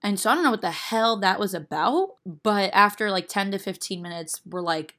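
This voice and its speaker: A young woman telling a story on a casual podcast, animated and full of filler words. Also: lowish voice.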